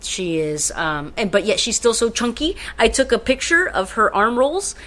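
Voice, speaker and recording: A woman's voice: on the high side, big pitch swings, normal speed, fairly bright tone. A woman co-hosting a podcast in casual chat, rambling and swearing freely. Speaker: podcast co-host.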